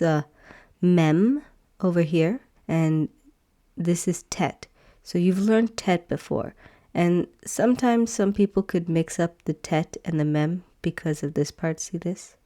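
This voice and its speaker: A woman teaching a beginner language lesson over slides, patient, repeating each sound slowly with many fillers. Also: lowish voice, dark tone.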